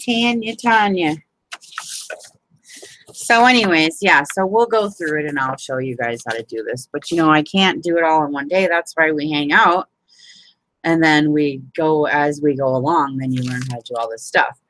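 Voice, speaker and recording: At a normal pace and in a low, slightly bright voice, a woman hosts a casual live crafting session, greeting viewers and showing how to fold paper. Her chatty talk is sprinkled with "you know what I mean," captured on a rough recording.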